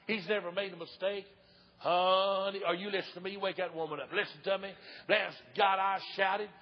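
An older evangelist man with an East Tennessee Southern accent, preaching an old-time revival sermon in a folksy storytelling way that swells into shouts. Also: sits high, steady tone, normal speed. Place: church sanctuary. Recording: dull lo-fi church recording with long reverb.

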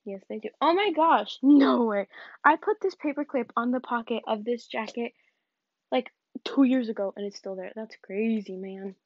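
A young woman from the American South talks her way through a casual vlog, rambling and teasing herself with giggly asides. Her voice sits fairly high for a woman. The recording sounds dull and dry, with a lo-fi tone. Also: moderate pace, no room sound. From Southern United States. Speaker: vlogger. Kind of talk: casual vlog monologue while tidying.

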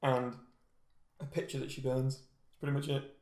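A man's voice: mid-range voice, flat delivery, moderate pace, a little mellow, echoey room. A man co-hosting a casual film review chat, joking around and putting on silly voices when he quotes someone. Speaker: podcast co-host.

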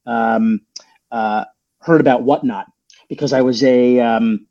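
A man's voice: mid-range voice, steady tone, slow, dark tone, dull audio. A man, a podcast guest, chatting casually and rambling with many fillers and restarts.

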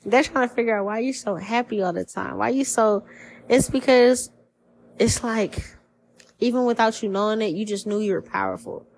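A woman giving a casual spiritual reading on a podcast, talking in slangy, profane, animated bursts. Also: a little high, normal speed, rough recording. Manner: profane, slangy, animated storytelling with put-on quoted voices. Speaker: tarot reader.

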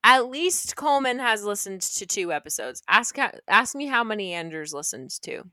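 A young woman co-hosts a podcast, chatting casually in an animated, rambling way and laughing often. Her voice is bright and forward. The sound is close and dry, with no room echo. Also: mid-range voice, normal speed. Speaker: podcast co-host. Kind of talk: casual chat.

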